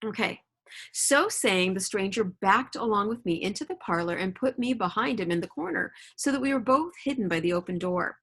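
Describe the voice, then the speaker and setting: A woman's voice: mid-range voice, animated, moderate pace, a bit bright, husky. A woman teacher reading a novel aloud at home and explaining it to her students in a casual, chatty way with frequent check-ins. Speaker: middle school teacher.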